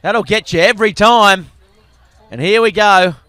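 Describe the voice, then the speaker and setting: A man commentating a live rugby sevens match, excitable and rising to shouts at tries. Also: high voice, a little slow, smooth, no room sound. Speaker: sports commentator.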